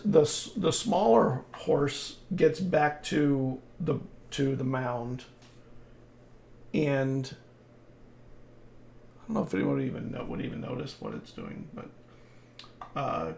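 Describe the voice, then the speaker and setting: A man narrating as game master of a tabletop game, unhurried and halting, with frequent restarts. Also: medium pitch, vocal fry, slight background noise.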